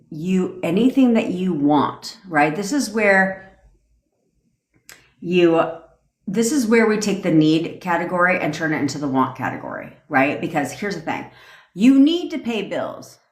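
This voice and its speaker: A fired-up woman coach cursing freely through a livestream rant, her voice sitting on the low side for a woman. The room rings around her with a roomy echo. She talks straight at her viewers and hypes up their comments. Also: very animated, unhurried. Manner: profane, blunt, hyped-up; reads out and cheers viewer comments. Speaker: manifestation coach.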